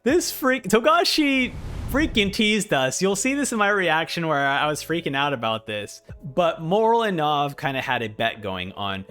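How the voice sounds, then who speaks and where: A young man in casual review commentary, talking with a slightly high-pitched voice. He is excitable and swings between hyped outbursts and somber stretches. Faint music plays underneath. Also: normal speed. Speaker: anime reviewer.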